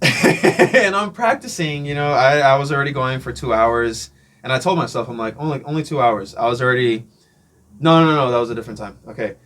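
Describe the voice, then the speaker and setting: A man being interviewed, telling a casual story, animated and acting out the voices of people he met, often laughing. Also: medium pitch, brisk. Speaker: interview guest, drummer.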